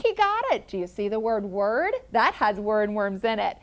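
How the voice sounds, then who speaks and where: A woman teacher in a classroom, leading a phonics drill and chanting sounds and letters slowly and deliberately, calling on pupils with encouragement. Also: mid-range voice, very animated, slight background noise.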